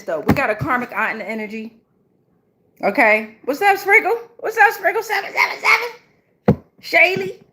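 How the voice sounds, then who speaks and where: A woman's voice: on the high side, fairly bright tone. A woman doing a casual live tarot reading, blunt and chatty with a lot of profanity and slang. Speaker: tarot reader.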